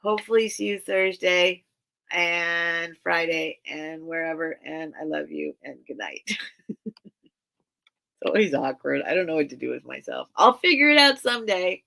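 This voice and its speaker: Woman livestream seller, raspy fry under a bright voice, rambling and sincere. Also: fairly low pitch, expressive, normal speed. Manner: rambling and earnest, many restarts. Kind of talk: casual livestream chat with viewers.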